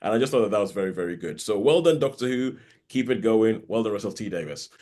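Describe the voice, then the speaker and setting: A man's voice: lowish voice, lively intonation, fast, dark tone. A man co-hosting a podcast, chatting casually and rambling with frequent restarts. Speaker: podcast co-host. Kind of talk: casual chat.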